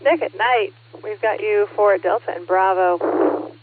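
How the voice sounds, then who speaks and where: A woman running a ham radio net as net control, chatty and quick to laugh. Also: mid-range voice, a little hiss or hum. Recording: narrow ham radio transmission.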